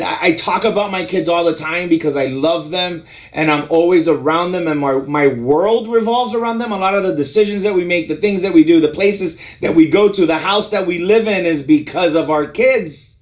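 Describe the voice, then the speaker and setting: A man delivers an earnest sermon straight to camera for an online church service. His voice sits slightly high for a man. He moves between lifted, emphatic lines and quiet, near-whispered reassurance. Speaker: pastor.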